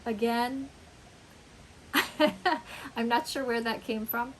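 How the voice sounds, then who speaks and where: A woman teaching an English lesson, speaking slowly and acting out example phrases with big, dramatic exclamations. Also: on the high side, fairly bright tone, slight background noise, low-quality recording. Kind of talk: slow, emphatic English lesson.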